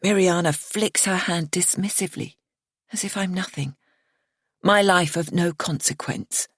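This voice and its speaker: A woman reading a psychological thriller aloud in the first person, measured and hushed. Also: on the low side, husky, no room sound, clean studio sound. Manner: measured and hushed, dropping to a whisper at tense moments. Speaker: audiobook narrator.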